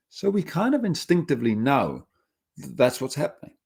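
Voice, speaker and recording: A man giving a dog training webinar, telling stories with lively acted quotes and getting emotional at times. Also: medium pitch, brisk, gravelly, husky. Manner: animated storytelling, acts out dogs in quotes. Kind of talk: webinar talk.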